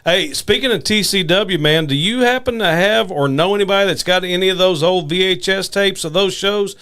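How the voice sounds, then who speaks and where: A middle-aged former wrestler, reminiscing in easy casual chat and joking along the way. His voice is smooth and clear, on the bright side, sitting somewhat high. Nothing about him is hurried.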